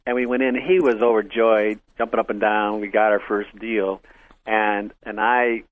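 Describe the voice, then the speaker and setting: An older man, a real estate investor, telling animated stories in casual chat, loud when quoting people. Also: fairly low pitch, normal speed. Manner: animated anecdotes, voices quotes loudly. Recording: tinny phone-like radio broadcast.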